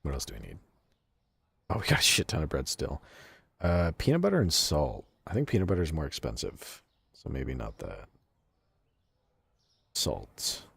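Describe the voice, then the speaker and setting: A man's voice: a bass voice, huge pitch swings, normal speed, gravelly, long pauses, fairly bright tone, breathy edge, dry recording. A man streaming a game and casually chatting with his viewers, swearing freely and laughing often. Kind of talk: casual game livestream chat, reading chat aloud.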